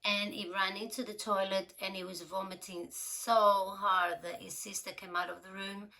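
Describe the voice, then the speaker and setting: A woman telling a true crime story in a casual, chatty way, with giggly asides and some vocal fry. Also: mid-range voice, little pitch movement, moderate pace, sharp tone, poor audio.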